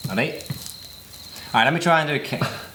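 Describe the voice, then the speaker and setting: A man's voice: a little high, brisk. A young man co-hosting a podcast, chatting casually in a giggly, rambling, jokey way. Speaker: podcast co-host. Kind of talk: casual chat. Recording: roomy echo, faint insect noise.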